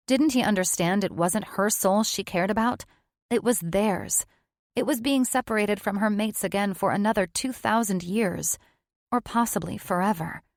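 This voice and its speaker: A woman's voice: medium pitch, no room sound, studio quality. Woman narrating a romance audiobook. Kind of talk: scripted narration.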